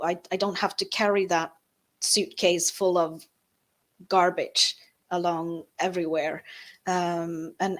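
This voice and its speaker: In a live interview, a female guest with a Norwegian accent talks in a soft, hesitant way, her voice on the low side. Fillers and restarts run all through her speech.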